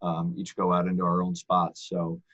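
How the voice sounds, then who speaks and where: A man moderating a panel on a video call, brisk and appreciative as he passes the word along. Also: deep voice, monotone, a bit bright. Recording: dull lo-fi call audio.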